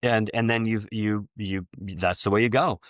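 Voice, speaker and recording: A man hosting a podcast, chatting casually and acting out both sides of sales conversations, with many halting restarts. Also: fairly low pitch, steady tone, no room sound. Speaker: podcast host.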